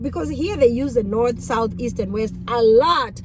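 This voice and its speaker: A woman's voice: moderate pace, hardly any pauses, darkish tone, rough recording. A woman in her thirties from Kenya with a Kenyan accent, chatting casually to camera about her work as a rideshare driver. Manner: chatty, acts out passengers' questions in a higher voice.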